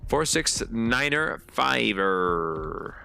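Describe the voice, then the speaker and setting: A man's voice: mid-range voice, sing-song, drawn-out words, creaky, bright, forceful tone. A man giving chatty live commentary on a horror game, swearing often and talking to his viewers. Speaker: game streamer.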